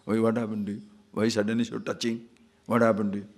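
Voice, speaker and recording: A man teaching scripture as a swami in a spiritual discourse, teasing his listeners with rhetorical questions and chanting short verses slowly. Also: on the low side, flat delivery. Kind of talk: spiritual discourse to a live audience.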